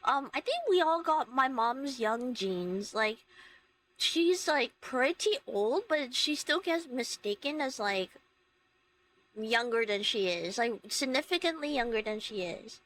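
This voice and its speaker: Bright, giggly young woman streamer. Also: a little high, animated, measured pace, no echo, low-quality recording. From Hong Kong. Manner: rambling, giggly storytelling with frequent fillers. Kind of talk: casual chat while gaming. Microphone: headset.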